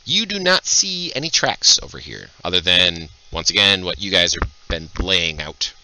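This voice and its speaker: A man running a tabletop game as game master, joking and narrating quickly. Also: low-pitched, sing-song, bright, forceful tone, no room sound.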